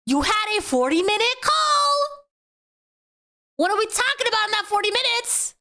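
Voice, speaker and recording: A woman's voice: very high voice, expressive, normal speed, long pauses, bright, forceful tone. A woman hosting a casual podcast, questioning her guest and laughing often. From living in Portugal. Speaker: podcast host.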